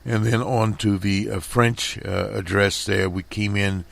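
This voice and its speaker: A male radio host with a very low, gravelly voice and an unhurried delivery. He stumbles through news headlines with constant fillers and restarts, sounding a little strained. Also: steady tone. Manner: halting, many fillers and restarts. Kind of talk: casual commentary over headlines.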